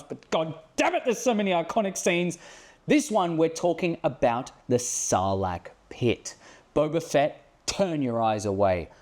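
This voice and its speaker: A man's voice: a little high, a little mellow. A man co-hosting a video with comedic casual banter, goofy and playful in his asides. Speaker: co-host.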